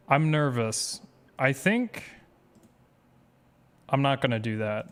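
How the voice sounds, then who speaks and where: A man hosting a live speedrun stream, reading viewer comments aloud and answering them casually. He rambles and teases himself. His voice comes through smooth and clear, sitting at a plain mid pitch. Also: expressive, slow, long pauses, a bit bright. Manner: rambling, self-deprecating, reads chat aloud.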